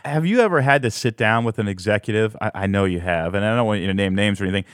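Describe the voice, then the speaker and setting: A man's voice: fairly low pitch, fast talker, clean tone, dry recording, studio quality. A man hosting an interview, asking conversational questions and quoting from the guest's book. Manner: conversational, reads quotes from the book. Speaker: interview host.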